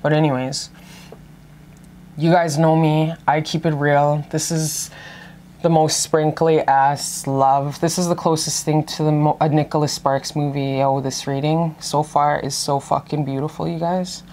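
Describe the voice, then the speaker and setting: Low-voiced, profane, gushing woman tarot reader. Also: flat delivery, a little slow, dark tone, a little hiss or hum. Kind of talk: casual tarot reading to camera.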